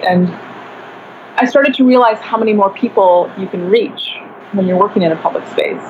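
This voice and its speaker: A woman's voice: mid-range voice, a little fast, muffled recording, a little hiss or hum. A woman artist talking reflectively in a casual interview, with frequent fillers.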